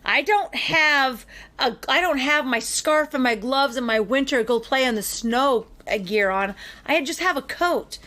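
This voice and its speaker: A woman hosting a podcast, telling a long personal story in an animated, chatty way with frequent fillers. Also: sits high, measured pace. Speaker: podcast co-host. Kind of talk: casual storytelling chat.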